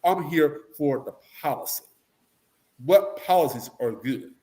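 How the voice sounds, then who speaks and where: A man giving blunt, animated opinions as an interview guest, breaking into mocking voices to make his points. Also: a little high, measured pace. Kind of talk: casual political commentary.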